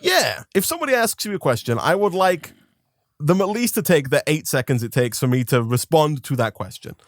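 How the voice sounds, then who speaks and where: A young man ranting about a pet peeve in casual banter, animated and mock-outraged. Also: a little high, a little fast, dry recording, clean studio sound. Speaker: co-host.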